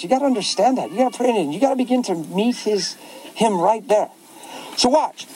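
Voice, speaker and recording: Man preaching fervently in a high voice. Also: expressive, brisk, mellow, slight background noise, rough recording. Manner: fervent, rising to emphatic exclamations. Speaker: pastor. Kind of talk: impassioned preaching in conversation.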